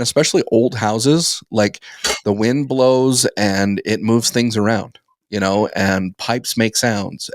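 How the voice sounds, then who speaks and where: A man's voice: medium pitch, no room sound, clean studio sound. A man co-hosting a podcast in casual banter, blunt and teasing, laughing easily. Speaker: podcast co-host.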